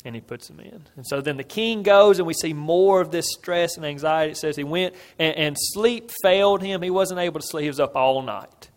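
A man with a somewhat raised voice preaches an expository sermon, telling the story earnestly and building emphasis point by point. He checks in with listeners with a quick "right?" His voice rings with the long reverb of a large sanctuary. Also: fairly high pitch.

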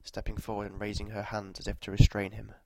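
A man narrating a scripted story in a measured, even delivery, with walking directions at the end. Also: fairly low pitch, very noisy.

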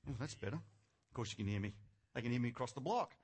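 A man preaching a sermon, passionate and theatrical, jumping from shouted points to quiet, sarcastic asides, on a mic clipped near his chin. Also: medium pitch, lively intonation, quick pace, breathy edge. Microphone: clip-on or headset mic near the chin.

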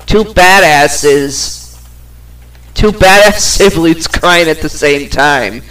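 A woman's voice: deep voice, slow pace, a bit bright, rough recording. A woman hosting a podcast, telling a personal story in a casual, rambling way with plenty of swearing. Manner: rambling, profane, with fillers and laughs. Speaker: podcast host.

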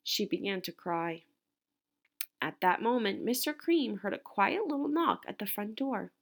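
A woman teacher reads a picture book aloud to her class in an expressive storytelling voice. Her voice sits in a middle range with a gravelly, creaky texture. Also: medium pitch, measured pace.

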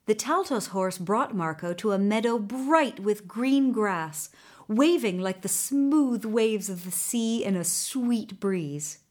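Slow, gentle woman reading a storybook. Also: medium pitch, lively intonation. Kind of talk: storybook narration.

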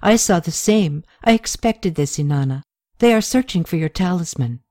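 A woman's voice: on the low side, expressive, moderate pace, mellow, lightly acted. A woman reading the part of a loyal woman attendant who speaks in a formal, deferential way in an audiobook. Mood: earnest.

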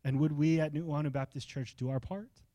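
A man preaching a sermon as pastor, in a conversational style that swings between hushed and excited. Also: on the high side, normal speed, no echo. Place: church.

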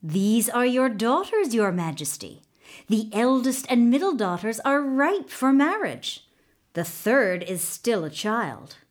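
An ambitious royal advisor talks a king round with smooth, deferential persuasion, as a woman storyteller puts him on. His lines come slowly, with rising and falling pitch, in a told folktale. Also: sing-song. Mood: persuasive.

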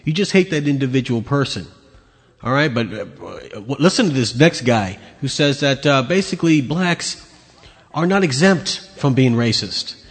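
A man's voice: mid-range voice, animated, normal speed, husky. Angry, profane ranting man. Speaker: podcast host. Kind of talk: ranting commentary on video clips. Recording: long hall reverb.

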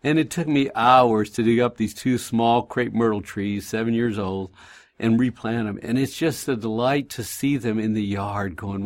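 A man's voice: mid-range voice, fairly even intonation, normal speed. Man storytelling on faith radio. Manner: gentle pastoral storytelling. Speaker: radio show host. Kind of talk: Christian radio talk.

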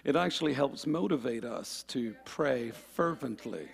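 A man preaching a fervent sermon, calling on the congregation for amens and swinging between loud and quiet passages. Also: mid-range voice, lively intonation, measured pace, creaky, long reverb tail.

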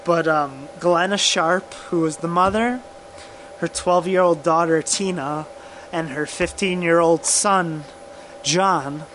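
A man co-hosting a podcast, telling a true crime case in casual profane chat, halting and laughing often. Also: on the high side, a bit bright, slight background noise, low-quality recording. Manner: slow, halting, laughs often, drinking whiskey.

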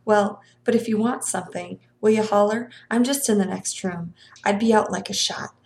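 A woman voicing a kindly, awkward older country man who speaks gruffly and hesitantly in folksy speech. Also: medium pitch, normal speed, a little mellow, lightly acted. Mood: gentle.

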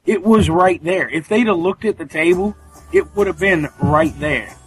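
A young man with a slightly high voice tells a rowdy story on a podcast, swearing often and imitating what others said. Faint music plays under his voice. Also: normal speed, poor audio. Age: 20s. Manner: profane, mimics others' voices. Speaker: podcast co-host. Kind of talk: casual chat, storytelling. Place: at home, remote call.

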